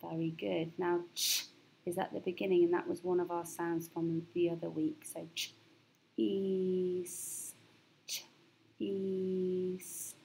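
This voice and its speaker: A woman teaching a recorded phonics lesson to young children, spelling out sounds slowly and patiently encouraging them. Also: lowish voice, monotone, vocal fry, a little mellow, a little hiss or hum.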